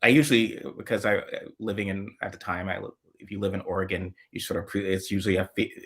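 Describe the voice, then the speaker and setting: A man's voice: low-pitched, steady tone, fast talker, fairly bright tone, slightly rough. A man hosting a casual political chat over a video call, chatty and rambling with a playful streak. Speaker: host.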